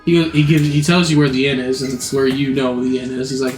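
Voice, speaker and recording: A man's voice: mid-range voice, level tone, fast, a little mellow. Rambling game-master man, echoey room. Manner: rambling with restarts and laughs. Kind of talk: narrating a tabletop game. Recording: echoey room, faint music.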